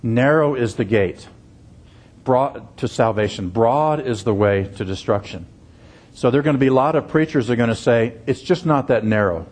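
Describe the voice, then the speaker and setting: A man's voice: medium pitch, animated, normal speed, a little mellow. Earnest man preaching an expository sermon. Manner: earnest, emphatic, repeats key phrases. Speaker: pastor.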